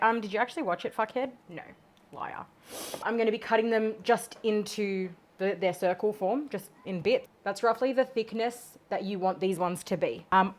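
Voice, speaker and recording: A woman's voice: medium pitch, a little hiss or hum. A young Australian woman with an Australian accent, hosting a cooking tutorial in a cheeky, sweary, giggly way. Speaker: cooking vlogger.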